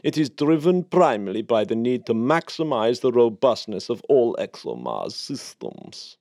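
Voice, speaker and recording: Man doing a space agency chief, stiff, formal, halting. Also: mid-range voice, big pitch swings, gravelly, darkish tone, no echo, clean studio sound. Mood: stiffly official. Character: solemn male space agency chief, stiff official statement.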